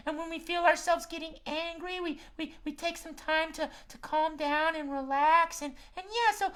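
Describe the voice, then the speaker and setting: A man's voice: extremely high pitch, a bit bright, pitched above the performer's own voice. A man voicing a friendly female cat puppet on a children's show, chatty and rambling with lots of "you know.".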